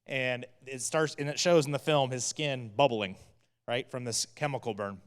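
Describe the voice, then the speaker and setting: A man's voice: medium pitch, moderate pace, smooth. A man who is a teaching pastor, giving a sermon in a casual storytelling way with many fillers. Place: church hall. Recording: long church hall reverb.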